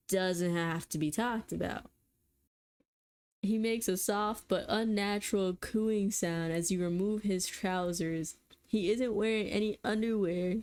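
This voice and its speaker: A woman's voice: mid-range voice, darkish tone. A young woman playing a text game, reading the story aloud and reacting with flustered, joking asides. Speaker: gaming YouTuber.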